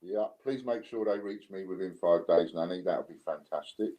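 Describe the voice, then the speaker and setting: Deep-voiced British man hosting a stream. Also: brisk, poor audio. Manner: relaxed, counting down bids. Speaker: live stream host running coin auctions. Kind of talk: casual live stream chat.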